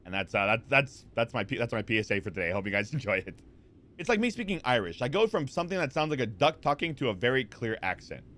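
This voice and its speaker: A man streaming from a home setup, chatting casually with viewers. He rambles in a lively way, reads chat messages aloud and answers them, with plenty of fillers and restarts, close to a desk mic. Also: mid-range voice, quick pace. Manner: rambling, animated, lots of fillers and repeats. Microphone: desk microphone.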